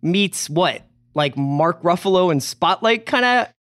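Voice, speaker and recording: A man's voice: high voice, expressive, a little slow, a bit bright, slight background noise. A man co-hosting a podcast, chatting casually and dropping dry jokes. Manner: dry, joking asides. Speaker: podcast co-host. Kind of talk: casual chat.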